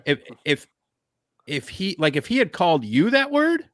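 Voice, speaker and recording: A man's voice: fairly high pitch, wildly swooping pitch, normal speed, a bit bright, dry recording, studio quality. A man on a podcast, telling a story in heated, profane casual chat.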